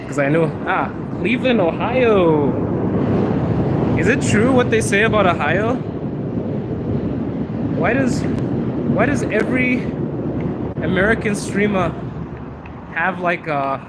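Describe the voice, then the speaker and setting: A man's voice: sits high, lively intonation, measured pace, pauses often. Chatty man on a noisy street. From Zimbabwe. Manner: rambling, chatty, laughs often. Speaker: live streamer. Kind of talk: casual live-stream chat with viewers. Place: city street outdoors. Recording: outdoor traffic noise.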